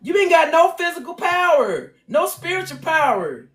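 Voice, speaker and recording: A woman's voice: very high-pitched, big pitch swings, normal speed, fairly bright tone. Fired-up woman ranting on a livestream. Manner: blunt, profane, fired-up. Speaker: livestream host. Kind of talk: heated livestream rant. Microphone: phone on a stand. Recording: echoey room with faint music.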